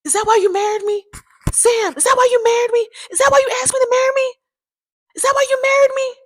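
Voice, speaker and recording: A woman putting on a shrill, quarrelsome young wife. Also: normal speed, dry recording, clean studio sound, natural voice. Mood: shrill accusing. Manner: shrill, high-pitched and accusing.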